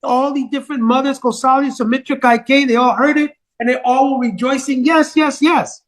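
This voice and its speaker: A man tells a devotional story to a live audience in a high-pitched voice. He keeps it lively and draws his listeners in with questions. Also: a little fast, poor audio.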